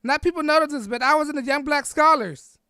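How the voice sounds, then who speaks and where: A woman's voice: sits high, quick pace, bright, forceful tone, no room sound, clean studio sound. A woman hosting a podcast, delivering a blunt, rambling political rant, capping nearly every point with "right?" or "all right?". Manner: blunt and combative, repeats herself. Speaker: podcast host. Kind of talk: opinionated political rant monologue.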